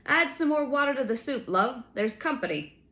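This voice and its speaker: A woman's voice: sits high, animated, moderate pace, fairly bright tone, voice pushed up. A woman voicing a hearty red-haired outlaw leader man who calls out cheerfully. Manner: hearty and calling out.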